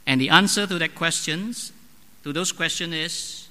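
Slow, bright-voiced preacher man in an echoing hall. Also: a little high, animated. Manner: emphatic, deliberate preaching with questions to the congregation. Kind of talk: sermon.

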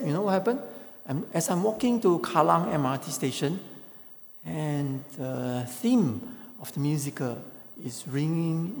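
A man's voice: a little high, vocal fry, a little mellow, slight background noise. A man preaching a sermon, emphatic and repeating phrases for stress. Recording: echoey hall with long reverb.

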